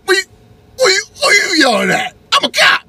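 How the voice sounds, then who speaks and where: A man voicing a brash, indignant male police officer who shouts defensively. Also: huge pitch swings, brisk, no echo, heavily acted. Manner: shouting, high-pitched and defensive.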